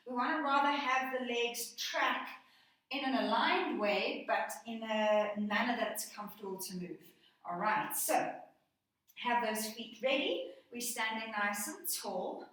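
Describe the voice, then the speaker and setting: Guiding a workout, a woman fitness instructor counts reps and cues breathing in an encouraging way, sounding a little out of breath. Her voice sits on the high side with a fairly bright tone. She's heard from a distance in an echoey room.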